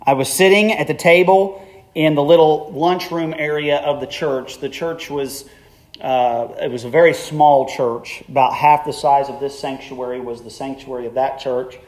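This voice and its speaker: A man's voice: mid-range voice, steady tone, normal speed, a little mellow. A middle-aged man preaching a sermon as a pastor, telling a story in a conversational way that climbs to emphatic peaks.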